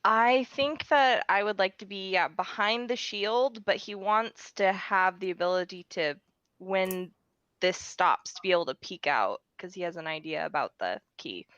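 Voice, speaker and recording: A woman playing a tabletop game, speaking in a relaxed, easygoing way. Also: mid-range voice, a little slow, no echo. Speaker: player. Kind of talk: tabletop role-play chat. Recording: dull lo-fi mic.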